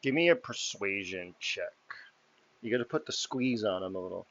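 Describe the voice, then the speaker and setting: A man's voice: lowish voice, expressive, normal speed, a bit bright, dull audio. A man narrating a tabletop game as game master in a casual, loose way.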